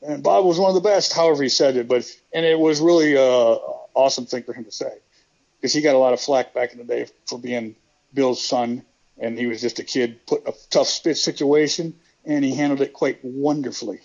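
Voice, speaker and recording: A man's voice: mid-range voice, fairly even intonation, brisk, vocal fry, a little mellow, lo-fi sound. A middle-aged man and former pro wrestler, telling stories with self-deprecating jokes in a casual interview. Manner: joking, self-deprecating storyteller.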